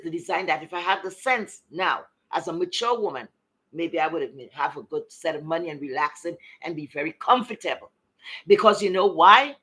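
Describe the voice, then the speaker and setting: A woman's voice: fairly low pitch, pushed and bright. A middle-aged woman with a Caribbean accent, delivering a heated, profane, confrontational monologue. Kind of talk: ranting monologue.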